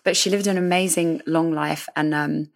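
A woman's voice: low voice, steady tone, moderate pace, gravelly. A woman musician talking candidly in an interview, chatty and self-deprecating, often laughing. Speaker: musician guest.

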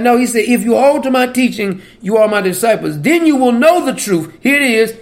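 A man giving an informal Bible teaching, animated and folksy, laughing often between verses. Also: very high voice, a little fast, few pauses.

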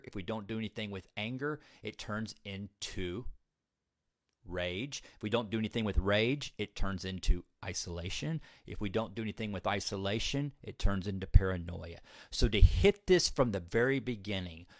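Emphatic man with a low voice. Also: no echo, studio quality. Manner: emphatic, repeats key points, asks the audience questions. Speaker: recovery speaker. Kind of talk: motivational recovery talk.

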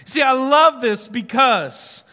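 A man preaching a sermon as pastor, animated, leading the congregation to repeat words back. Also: very high voice, slow. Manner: animated preaching, leads the congregation in call-and-response. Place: church sanctuary. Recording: reverberant church hall with faint music.

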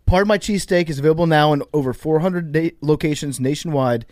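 A man co-hosting a podcast, reading an ad and then teasing a colleague in quick banter. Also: a little high, a little mellow, no room sound, studio quality. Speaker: podcast co-host. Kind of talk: casual chat and read ad.

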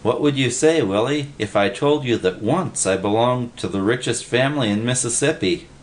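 A man's voice: medium pitch, normal speed, pitched above the performer's own voice, lightly acted. A man voicing a well-read, lecturing male vagrant in a storybook reading. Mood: wistful. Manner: precise, lecturing, bossy.

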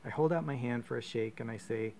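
A man co-hosting a podcast, reading a profane, comic choose-your-own-adventure story aloud with deadpan asides. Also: medium pitch, fairly quick, slight background noise. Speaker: podcast co-host.

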